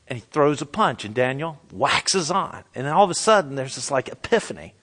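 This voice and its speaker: A pastor preaching a lively sermon, asking the congregation questions and acting out quotes. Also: male voice, on the high side, normal speed, hardly any pauses.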